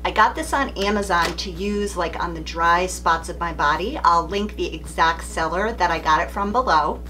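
A woman's voice: on the low side, moderate pace, sharp tone. A middle-aged woman speaking as a beauty vlogger, telling a story in a chatty, candid way straight to the camera. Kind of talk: casual beauty vlog storytelling.

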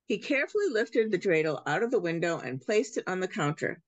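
A woman, a children's book author, reading her picture book aloud with expressive storytelling at a library event. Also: fairly low pitch, fairly quick, dry recording.

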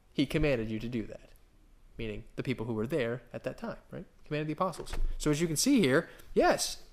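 His voice fairly high and a bit bright, this male pastor gives a casual, meandering sermon, breaking off for asides and starting sentences over. Scripture passages come out slowly, with deliberate emphasis.

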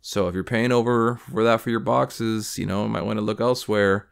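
A young man hosting a casual card-opening video, chatting through each pull and bursting into loud excitement over big hits. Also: lowish voice, a little fast, gravelly, clean tone. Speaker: card-collecting channel host. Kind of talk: casual pack-opening commentary.

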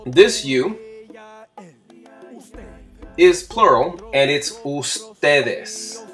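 A male teacher giving a slow, patient, step-by-step explanation in a classroom lesson. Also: mid-range voice, lively intonation, fairly bright tone, faint music behind. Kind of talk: classroom instruction.

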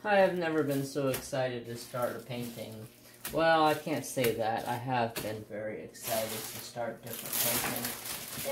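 A woman hosting a crafts channel, chatting casually and gushing with excited exclamations as she unboxes a kit. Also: very deep voice, a little slow, noisy background. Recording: roomy echo, faint ambience.

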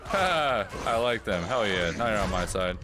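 A man's voice: lowish voice, animated, moderate pace, noisy background. A man giving profane, flustered commentary while playing a video game, exclaiming at what happens on screen. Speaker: gaming channel host. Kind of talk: live gameplay commentary.

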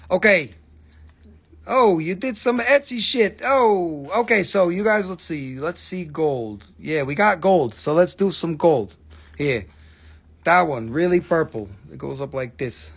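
A man with a slightly high voice hosts a live crystal sale. He rambles along in a loose, joking way, swears freely and keeps calling out to viewers by name. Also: animated, measured pace, gravelly, a bit bright, breathy edge. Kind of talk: casual live sales pitch.

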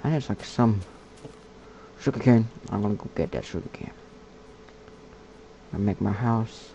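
A man giving casual gameplay commentary in a put-on character voice, muttering, whispering and chatting to the animals on screen. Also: mellow. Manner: puts on a slow, low, gravelly character voice. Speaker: gamer. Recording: dull lo-fi mic with faint hiss.

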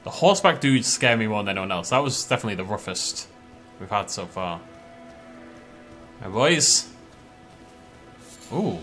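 Guy doing a let's play, talks to the npcs, bright tone, pitch all over the place. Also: sing-song, unhurried, pauses often, faint music behind. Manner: chatty, talks to enemies, jumpy outbursts. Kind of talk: live gameplay commentary.

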